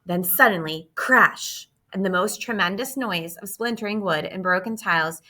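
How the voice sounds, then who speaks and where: A woman narrating a children's storybook in an expressive, steady reading voice. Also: medium pitch, normal speed. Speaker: audiobook reader.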